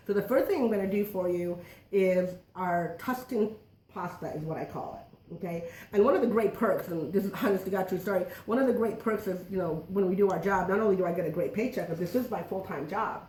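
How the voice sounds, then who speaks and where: A woman's voice: lowish voice, brisk, a little mellow, recorded from a distance. A middle-aged woman giving a chatty, joking cooking demonstration to a small audience in a home kitchen. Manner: joking, self-deprecating, chatty. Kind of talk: live cooking demo patter. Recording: echoey room, voice from afar.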